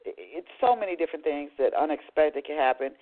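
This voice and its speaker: A man's voice: fairly high pitch, animated, quick pace. A man hosting a radio interview, asking long, rambling questions full of restarts, heard over a phone line. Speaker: radio show host.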